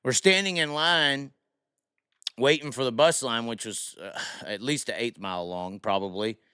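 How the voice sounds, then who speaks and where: A man's voice: mid-range voice, moderate pace, clean tone, no room sound, studio quality. A man hosting a casual live stream, telling a rowdy story with lots of cursing and acted-out voices. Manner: animated, profane, acts out the people in his story. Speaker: podcast host.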